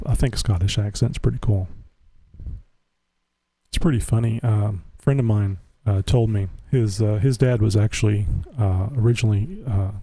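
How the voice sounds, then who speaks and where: A man's voice: lowish voice, mellow, no echo. A man hosting a casual live internet show, rambling and restarting his words often. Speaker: host. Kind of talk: casual livestream chat.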